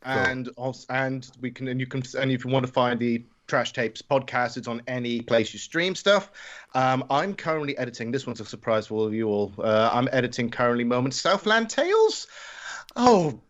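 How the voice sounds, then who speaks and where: A man's voice: medium pitch, animated, brisk, fairly bright tone, muffled recording. A man guesting on a podcast, rambling in a self-mocking, exasperated way. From United Kingdom. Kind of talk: casual podcast chat.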